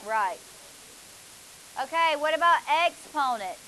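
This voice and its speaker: A woman's voice: sits high, lively intonation, slow pace, a bit bright, slight background noise, rough recording. A woman, teaching a math class, asking students questions and praising their answers.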